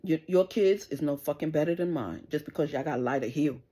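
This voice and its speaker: Brisk and low-pitched, her voice is dark with a breathy edge. This middle-aged woman vlogger rants angrily and profanely to camera, combative throughout, and keeps jabbing with "you understand?"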